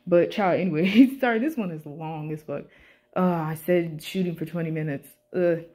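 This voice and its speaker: A young woman doing a casual, animated rant review, swearing often and sounding exasperated. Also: lowish voice, moderate pace. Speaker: YouTube reviewer.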